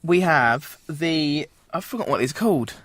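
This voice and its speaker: A man's voice: on the high side, lively intonation, normal speed, a bit bright, no room sound. A young man hosting a casual radio chat show. He rambles, loses his words and breaks into laughs. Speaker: host.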